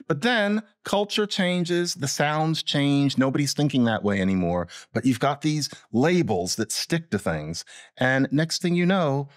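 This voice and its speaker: Animated man explaining with lively swings. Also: fairly high pitch, a little slow, dry recording, clean studio sound. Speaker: linguist guest. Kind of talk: conversational podcast interview.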